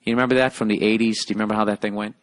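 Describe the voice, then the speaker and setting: A man's voice: on the low side, level tone, rapid-fire. A man hosting a solo podcast, reading listener mail aloud and ranting with heavy swearing and sarcasm from a hotel room on a single microphone. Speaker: podcast host.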